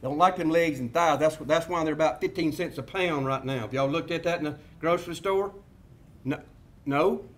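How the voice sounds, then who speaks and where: A man's voice: on the high side, moderate pace. A man with a Southern US accent giving a seminar lecture as a veterinarian, joking and wandering into asides, with lots of restarts and fillers. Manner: jokey, rambling asides, repeats himself, many fillers. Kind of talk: folksy lecture to students.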